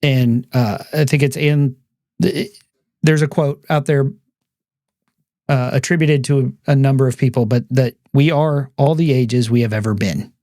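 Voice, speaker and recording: Male podcast host, warm and dry, steady and thoughtful. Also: mid-range voice, a little slow, no room sound. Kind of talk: movie discussion podcast.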